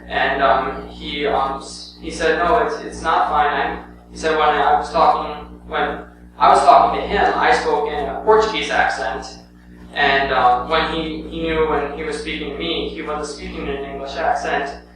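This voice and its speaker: This young man's voice sits on the high side, steady and moderately paced, as he casually tells the congregation about his mission trip. He rambles, saying "um" and "anyway" often, and the distant recording of the sanctuary is very echoey with a clear hum.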